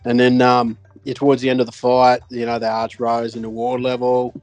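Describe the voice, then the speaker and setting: A man's voice: mid-range voice, monotone, fairly quick, darkish tone, no room sound. A man with an Australian accent, co-hosting a podcast and telling a fishing story in casual chat, rambling and swearing with lots of fillers and restarts. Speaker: podcast co-host.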